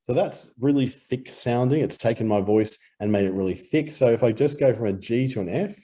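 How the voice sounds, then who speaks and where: A man with an Australian accent explaining audio editing in a relaxed screen-recorded tutorial, with easy fillers. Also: mid-range voice, a little fast, breathy edge.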